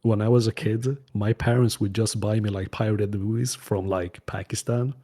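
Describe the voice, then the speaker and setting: Low, mellow-voiced man telling stories. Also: steady tone, moderate pace. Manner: laid-back storytelling, crude. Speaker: podcast co-host. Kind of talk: casual comedy banter.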